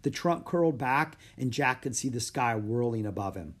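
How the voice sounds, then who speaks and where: A man reading a children's adventure book aloud, measured and slowing for suspense. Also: medium pitch, animated. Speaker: audiobook reader. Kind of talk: scripted narration.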